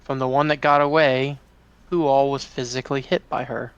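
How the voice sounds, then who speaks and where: A man's voice: medium pitch, steady tone, moderate pace, clean tone, no room sound, highs cut off. A man playing a tabletop game, asking questions and thinking aloud. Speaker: player. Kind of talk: tabletop role-play.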